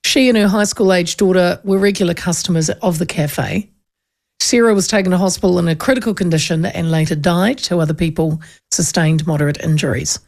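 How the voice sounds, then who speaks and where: Creaky-voiced New Zealand woman host. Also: fairly low pitch, a little fast, a little mellow. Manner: chatty storyteller, laughs often. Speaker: radio host. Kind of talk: casual chat.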